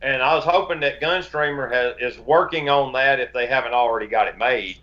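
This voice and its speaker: A man from the American South with a Southern accent, a guest chatting casually and joking in a relaxed drawl. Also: mid-range voice, fairly quick, dull audio. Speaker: podcast guest. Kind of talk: casual panel chat.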